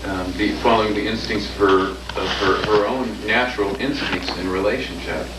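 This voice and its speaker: A man's voice: fairly low pitch, fairly even intonation, moderate pace. A man in a class discussion, thinking aloud in long chains. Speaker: student. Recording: distant roomy mic, hiss.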